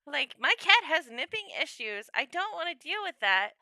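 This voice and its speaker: A high, very bright young woman's voice that leaps all over its range. She rambles chattily on her home stream, laughing often and acting out her own quotes. The sound is dry and close. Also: very animated, normal speed, few pauses, dry recording. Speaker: livestreamer. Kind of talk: casual livestream chat. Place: home room.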